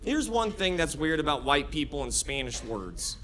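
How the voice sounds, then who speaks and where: A man's voice: a little high, very animated, moderate pace, background noise. A man doing a stand-up comedy set on a club stage, talking energetically to the crowd with frequent laughs and restarts.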